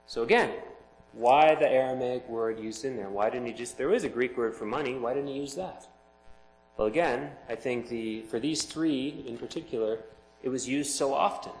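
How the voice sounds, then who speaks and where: A man's voice: mid-range voice, echoey room, poor audio. A man preaching a sermon as pastor, earnest and emphatic, explaining scripture to his congregation.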